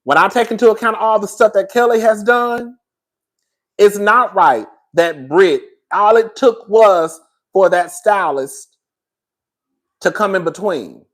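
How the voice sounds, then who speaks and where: A man's voice: high voice, takes it slowly, fairly bright tone. A man giving a casual, opinionated review of a reality show, sassy and blunt, calling his viewers girl and baby. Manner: blunt, swears freely. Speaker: reality TV commentator.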